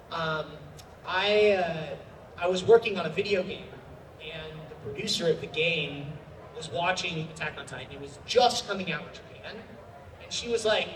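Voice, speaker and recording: A man, a voice actor, answering audience questions at a convention panel in a chatty, animated way with many fillers. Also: high-pitched, slight background noise. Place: large convention hall. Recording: roomy hall sound from a distant mic.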